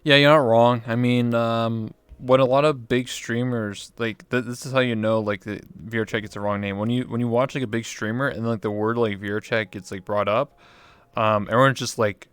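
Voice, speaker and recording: A male streamer hosting a casual chat, rambling along with plenty of fillers and false starts. His voice is smooth and clear, recorded close and dry with no room sound. His pitch sits in an ordinary middle range. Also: steady tone, normal speed, fairly bright tone, no echo. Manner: rambling, lots of fillers and restarts. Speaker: interview host and streamer.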